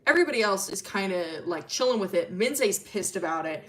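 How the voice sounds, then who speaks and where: A woman streamer casually tells a story about her original characters, rambling with lots of fillers, swearing freely and laughing often. Her mid-range voice is fairly bright and fairly quick with lively intonation, and faint music plays behind her.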